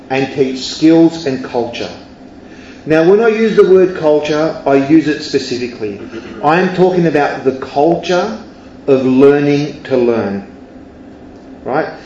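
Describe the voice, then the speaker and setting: A man's voice: on the high side, expressive, measured pace, a little mellow, a little hiss or hum. Man lecturing in an echoey room. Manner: conversational, keeps checking in with "yeah?" and "right?". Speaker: university educator and researcher. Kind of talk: storytelling lecture to an audience. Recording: roomy, slightly dull lo-fi sound.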